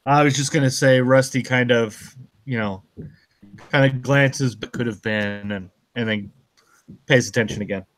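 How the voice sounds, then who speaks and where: A man playing a tabletop role-playing game, describing his character's actions in plain, halting phrases. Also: medium pitch, no room sound. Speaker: player.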